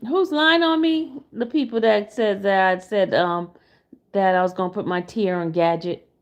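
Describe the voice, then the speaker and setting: A woman's voice: medium pitch, normal speed, highs cut off. A woman reacting to a livestream, exasperated, talking to her viewers while she searches for the clip. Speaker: commentary streamer.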